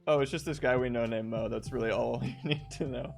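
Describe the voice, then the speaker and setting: A man's voice: medium pitch, fairly even intonation, brisk, creaky, faint music behind. Casual joking streamer man, medium voice. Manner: joking, laughs often. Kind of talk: casual chat while playing a game.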